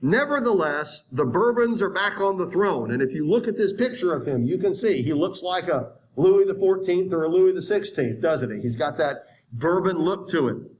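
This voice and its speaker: A man giving a history lecture in an animated, conversational way, acting out historical viewpoints. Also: sits high, normal speed. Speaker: history teacher. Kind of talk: classroom lecture.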